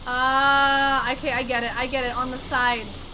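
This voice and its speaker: A woman streaming a game, excitable and exclaiming loudly, repeating phrases as she plays. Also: a little high. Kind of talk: live-streamed game playthrough.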